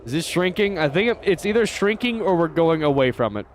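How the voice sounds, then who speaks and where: American male streamer, high-ish lively voice, excitable and profane, chatting with viewers mid-game. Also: brisk, slight background noise. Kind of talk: live gameplay commentary.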